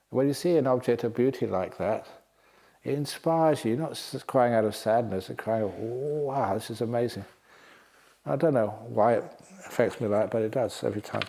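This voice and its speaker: A man's voice: medium pitch, brisk, gravelly, dark tone. Playful man telling a Buddhist story. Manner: playful, storytelling, chuckling often. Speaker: Buddhist monk teacher. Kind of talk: humorous Dharma talk.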